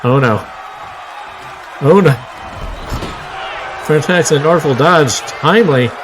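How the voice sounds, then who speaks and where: A man doing live play-by-play commentary on a wrestling show, excitable, with frequent exclamations and wry asides. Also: on the high side, slow. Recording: clear crowd noise and background noise.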